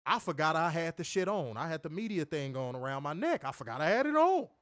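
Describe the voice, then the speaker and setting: Man, co-host, casual chat, swears a lot, very animated pitch, dry close sound. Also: fast talker, no echo. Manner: loud, profane storyteller who laughs often. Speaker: wrestling show co-host.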